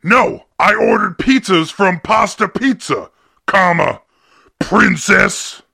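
A man voicing a rude, mean-spirited bully who taunts and insults in a comedy podcast sketch, with a raspy voice. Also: sits high, slow, pushed and bright, voice pushed down, full character voice. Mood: pushy.

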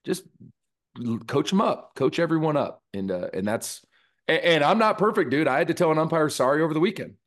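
A man's voice: a little high, expressive, brisk. A man who coaches youth baseball, co-hosting a podcast in loose, chatty talk full of fillers and "dude". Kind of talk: casual podcast chat.

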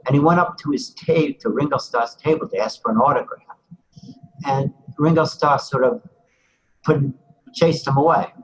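A man's voice: medium pitch, normal speed, husky, low-quality recording. Older man telling a rambling story. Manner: rambling, full of "you know" asides. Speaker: interviewee. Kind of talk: casual storytelling.

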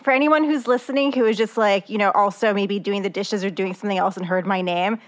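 A woman's voice: mid-range voice, steady tone, quick pace. A woman host of the show, encouraging her guest and laughing along.

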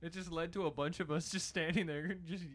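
Young man, casual chat, goofy, jokey, bright voice. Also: on the high side, fairly even intonation, a little fast. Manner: joking, goofy, laughs often.

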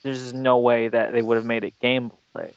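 A man's voice: medium pitch, fairly even intonation, brisk, gravelly, no echo, lo-fi sound. A man co-hosting a gaming podcast, talking in a thoughtful, rambling way with lots of fillers. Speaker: podcast co-host. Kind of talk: casual gaming podcast chat.

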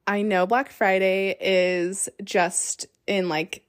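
Woman, 30s, podcast host; casual, excitable storyteller. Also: medium pitch, takes it slowly. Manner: chatty, excitable, lots of fillers like "like". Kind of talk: casual chat.

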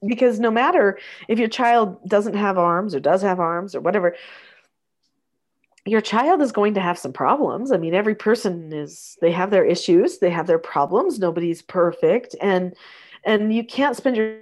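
A middle-aged woman hosting a podcast, reading a story aloud in a gentle, soft-spoken way and chatting afterward. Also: medium pitch, expressive, moderate pace.

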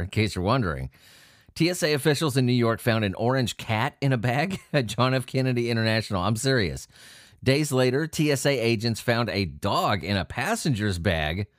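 A man reads strange news items aloud and riffs on them between sentences. He swears freely and keeps laughing, and his pitch swings up and down a lot. The recording is dry and close to the mic. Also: no room sound. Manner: profane, joking, laughs through the reading. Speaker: host reading odd news stories. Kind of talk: casual solo commentary on news.

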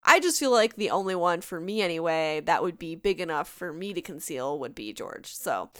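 Chatty, animated woman podcaster. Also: on the low side, normal speed. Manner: chatty, animated, laughs often. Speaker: podcast co-host. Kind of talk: casual fan podcast chat.

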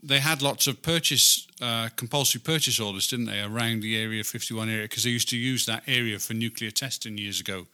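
British guy, bright edgy voice, reads old news clippings out loud, cheeky and chatty. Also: medium pitch, fairly quick, hardly any pauses, clean tone. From Britain. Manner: chatty and wry, swears casually. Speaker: podcast co-host. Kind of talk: casual chat, reading old newspaper articles aloud.

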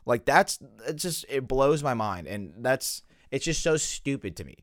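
A young man hosting a solo podcast, rambling and animated in a casual rant full of fillers. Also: medium pitch, a little slow, few pauses, no echo, studio quality. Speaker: podcast host.

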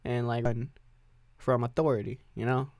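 Young man, solo podcast, rambling and profane, offhand, dry close sound, middle pitch. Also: steady tone, moderate pace, a little mellow, no echo. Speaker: podcast host. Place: home music recording setup.

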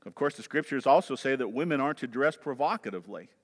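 A pastor with a Southern US accent preaching a sermon, swinging between loud urging and quiet low asides. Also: male voice, lively intonation, fast talker. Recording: long hall reverb.

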